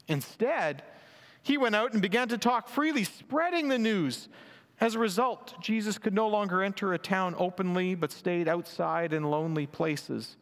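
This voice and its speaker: A man's voice: high voice, expressive, a little slow. A man preaching a sermon, reading and explaining scripture in an earnest, emphatic way, lifting his voice for quoted lines. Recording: long hall reverb.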